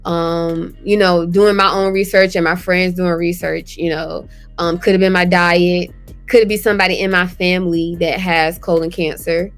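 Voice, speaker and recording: Speaking as an interview guest, this woman shares her cancer survival story in a candid, earnest, conversational way, frequently saying her past thoughts aloud. Her clean voice sits on the low side with little pitch movement and a moderate pace, over soft background music.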